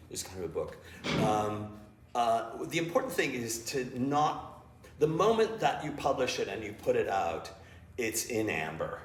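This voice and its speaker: Animated man in a roomy theater. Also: mid-range voice. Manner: animated, self-mocking storyteller. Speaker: improv teacher and director. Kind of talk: interview. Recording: roomy, distant mic with faint noise.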